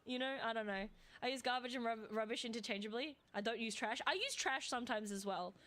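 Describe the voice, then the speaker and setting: Australian girl streaming a game, bright voice, a bit high, rambly with lots of ums. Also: fast talker. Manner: rambling, chatty, with frequent fillers and laughs. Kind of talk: casual live gameplay stream chat.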